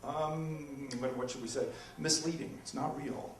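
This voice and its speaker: A man, a philosophy professor, giving a debate presentation in a lecture room, talking in an animated lecturing way with many ums and uhs. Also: on the high side, a little slow, far from the mic, slight background noise. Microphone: distant from the microphone. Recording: echoey room recorded from afar.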